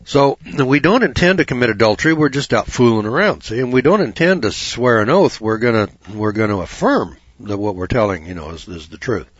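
A man's voice: medium pitch, lively intonation, fairly quick, few pauses, no echo. A man giving a folksy, preaching talk, rambling, repeating "you know" and putting questions to his listeners. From United States. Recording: dull dry lo-fi recording.

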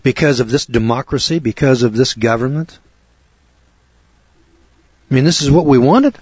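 A man preaching a sermon, sarcastic and fiery, dropping to low asides and rising to loud outbursts. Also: moderate pace, breathy edge, no echo. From United States. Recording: dry, dull lo-fi recording.

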